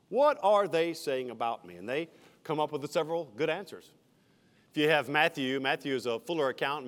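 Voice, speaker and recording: A senior pastor with a fairly high, slightly bright voice preaches an expository sermon verse by verse. He adds friendly asides to the congregation, and the recording echoes through a reverberant church hall.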